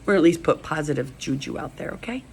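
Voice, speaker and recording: A woman's voice: low voice, expressive, quick pace, gravelly, a little mellow, slight background noise, rough recording. A middle-aged woman rambling emotionally in a personal video monologue. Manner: rambling, emotional, stream-of-consciousness. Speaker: vlogger.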